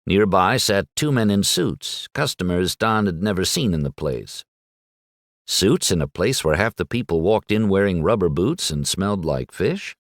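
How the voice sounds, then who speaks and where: A man reading an audiobook in a measured, dramatic storytelling manner. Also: low voice, lively intonation, no room sound, studio quality. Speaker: audiobook narrator. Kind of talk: scripted audiobook narration.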